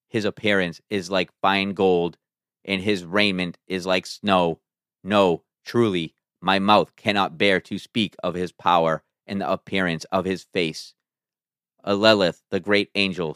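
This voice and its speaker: Low-voiced podcast guy reading old scripture slow and solemn, clean dry audio. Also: fairly bright tone, clear, resonant tone, no echo. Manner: measured, solemn read-aloud delivery. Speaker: podcast host. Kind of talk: scripted reading of an ancient text.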